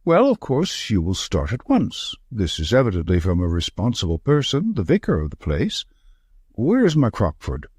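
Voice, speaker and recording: A man's voice: lowish voice, huge pitch swings, normal speed, darkish tone, breathy edge, no echo, studio quality, full character voice. A man voicing a grave, commanding male detective who speaks with emphasis. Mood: brisk.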